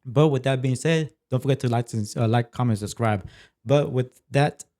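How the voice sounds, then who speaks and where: A man hosting a podcast, talking in a relaxed way with loose fillers. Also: mid-range voice, moderate pace. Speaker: podcast host. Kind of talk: casual interview hosting.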